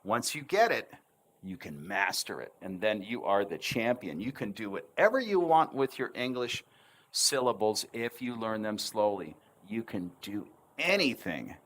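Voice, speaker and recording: A man's voice: on the low side, sing-song, unhurried, fairly bright tone. A man teaching English pronunciation on a livestream, repeating words syllable by syllable with encouraging asides. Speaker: English tutor.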